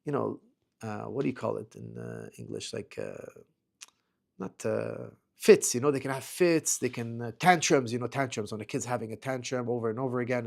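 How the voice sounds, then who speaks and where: During a casual livestream Q&A, a middle-aged martial arts coach reads out viewers' questions and answers them loosely, rambling, repeating himself and restarting. His gravelly, slightly fried mid-range voice swings widely in pitch at a moderate pace.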